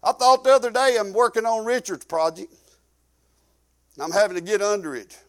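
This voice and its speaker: Male pastor, 50s, high voice, homespun storytelling sermon. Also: fairly quick. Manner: folksy, rambling, drops low when quoting himself.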